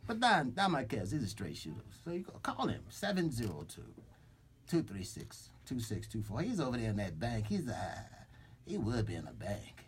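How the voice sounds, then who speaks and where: A man's voice: medium pitch, huge pitch swings, normal speed. A man voicing a boastful, threatening mob boss enforcer as a comic character on a radio show, speaking into a studio microphone. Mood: swaggering. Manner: swaggering, threatening, rambling with restarts.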